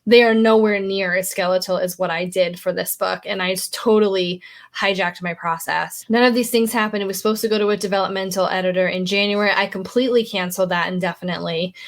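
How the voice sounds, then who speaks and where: A woman talking straight to camera in a relaxed vlog, open and self-reflective. She moves quickly through her points at an even, mid-range pitch for a woman, with an everyday, unforced delivery. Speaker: author and vlogger. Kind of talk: casual vlog talk.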